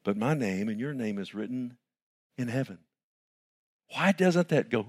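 A man's voice: mid-range voice, expressive, unhurried. A male pastor preaching a sermon, asking rhetorical questions and calling the listeners "loved one".

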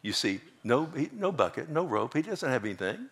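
A man's voice: medium pitch, very animated, fairly quick, a bit bright. A man preaching a sermon in an earnest way, acting out the lines he quotes and asking his listeners questions. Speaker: pastor.

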